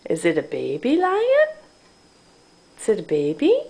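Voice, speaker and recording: Woman, parent at home, unhurried playful questioning, bouncy pitch, gravelly edge, camcorder sound. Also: huge pitch swings, warm tone. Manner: playful, sing-song questioning. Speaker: parent filming a toddler. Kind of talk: home video chat with a toddler.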